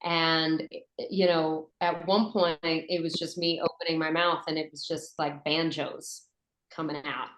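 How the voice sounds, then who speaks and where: A woman from Western North Carolina with a softened Southern accent, a voice actress and dialect coach chatting in an interview with lots of fillers and restarts. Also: sits low, level tone, measured pace, echoey room, rough recording. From Western North Carolina, USA. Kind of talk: conversational interview.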